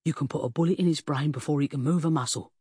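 A man's voice: on the high side, fast, mellow, breathy edge, no echo, clean studio sound. A reader voicing a blunt, terse male police chief inspector in an audiobook. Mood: urgent. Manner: terse, urgent.

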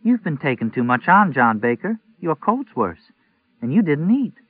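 A man's voice: fairly high pitch, very animated, moderate pace, husky, no room sound, voice pushed up. A man reading the part of a small, firm and caring wife who fusses over her sick husband. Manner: firm, motherly scolding. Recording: tinny narrow-band audio.

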